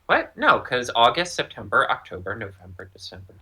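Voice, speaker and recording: A man's voice: medium pitch, wildly swooping pitch, brisk, bright, forceful tone. A man co-hosting a casual podcast, joking and rambling, and breaking into silly voices now and then. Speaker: podcast co-host. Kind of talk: casual chat.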